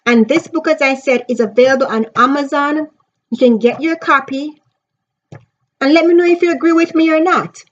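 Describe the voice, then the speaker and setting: A woman who writes books reviews one in a casual vlog, talking earnestly and emphatically to her viewers. Her voice is high and bright in pitch. The audio sounds a little dull and lo-fi. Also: moderate pace. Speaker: author reviewing a book.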